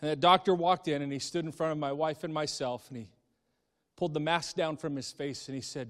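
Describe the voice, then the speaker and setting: Middle-aged man, emotional storytelling sermon, dramatic hushed-to-impassioned delivery, somewhat high voice, long hall reverb. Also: fairly even intonation, brisk. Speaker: speaker.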